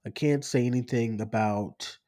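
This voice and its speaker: A man co-hosting a casual podcast about movie box office, excitable, laughing often and repeating himself. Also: mid-range voice, moderate pace. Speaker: podcast co-host. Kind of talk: casual chat.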